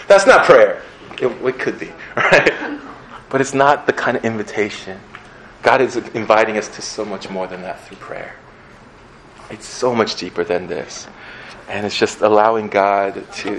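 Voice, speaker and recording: A man's voice: lowish voice, a bit bright, a little hiss or hum, low-quality recording. A young man giving a casual, conversational sermon as a pastor, playfully acting out little scenes.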